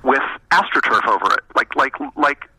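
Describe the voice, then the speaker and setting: A man chatting casually, telling stories in an animated, self-deprecating way. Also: mid-range voice, moderate pace, breathy edge, no echo, low-quality recording. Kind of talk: casual chat.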